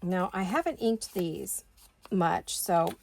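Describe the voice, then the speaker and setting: Gravelly chatty woman crafting. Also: lowish voice, expressive, takes it slowly, a little mellow. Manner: chatty, talks to herself while working. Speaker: craft video host. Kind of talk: casual crafting chat.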